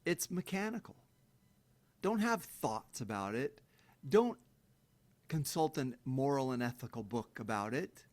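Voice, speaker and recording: A man's voice: medium pitch, expressive, measured pace, long pauses. A middle-aged man giving a blunt, profane self-help monologue, breaking into heated emphatic rants. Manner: mocks others in sing-song quoted voices. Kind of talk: unscripted monologue.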